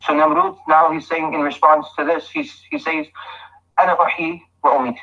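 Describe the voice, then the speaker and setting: A man's voice: fairly high pitch, big pitch swings, normal speed, creaky, bright, forceful tone, husky, dull audio. A man giving a Quran commentary lesson, explaining step by step, repeating phrases and reciting Arabic verses. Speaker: Quran teacher. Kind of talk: tafsir lesson.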